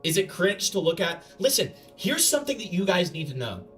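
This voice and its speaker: A man's voice: sits high, very animated, fairly quick, fairly bright tone, soft background music. A man hosting an internet drama commentary, talking casually and bluntly and swearing freely. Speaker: commentary host.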